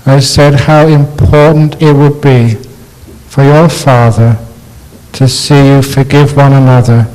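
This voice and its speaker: A man, a Buddhist monk, giving a dharma talk with slow, gently humorous storytelling in a university lecture hall. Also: mid-range voice, level tone.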